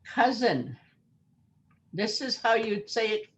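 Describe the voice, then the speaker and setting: A woman's voice: on the high side, takes it slowly, breathy edge. An older woman teaching a language lesson over a video call, patiently repeating words for her learners.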